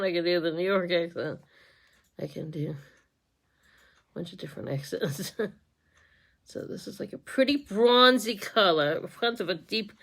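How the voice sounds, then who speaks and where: Woman beauty vlogger, casual and giggly, talks while doing her makeup on a phone camera, lots of restarts and murmured asides. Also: medium pitch. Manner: chatty, giggly, trails off and restarts often. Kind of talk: casual get-ready-with-me makeup tutorial.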